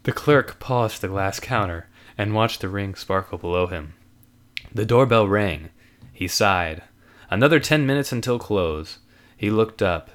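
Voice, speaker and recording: Male narrator, animated storytelling read, expressive pitch. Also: unhurried.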